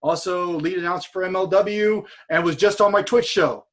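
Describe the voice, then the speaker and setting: A man, a podcast guest, telling a long story in a casual, profane, excitable way over a video call. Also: high-pitched, normal speed.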